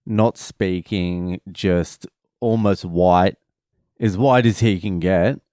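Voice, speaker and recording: A man's voice: low-pitched, takes it slowly, dry recording, studio quality. A man, a father, telling a family story in a casual, profane, rambling vlog. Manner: profane, rambling, animated retelling.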